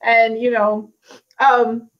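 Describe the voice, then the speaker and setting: An American woman hosting an interview, chatty and quick to laugh, with lots of "you know". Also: a little high, level tone, dull audio. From United States. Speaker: interview host. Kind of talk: casual interview chat.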